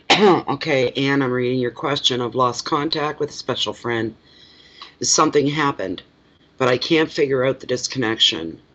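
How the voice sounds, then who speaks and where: A man's voice: medium pitch, moderate pace, bright, forceful tone. A man with a stuffy nose, rambling to himself while he gets ready for a casual card reading. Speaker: card reader. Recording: lo-fi with clear background noise.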